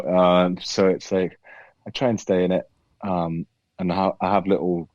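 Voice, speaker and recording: A British actor chatting in an interview, talking thoughtfully with lots of restarts and hedges. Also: male voice, sits low, darkish tone, no room sound, muffled recording. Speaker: actor guest. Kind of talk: casual interview chat.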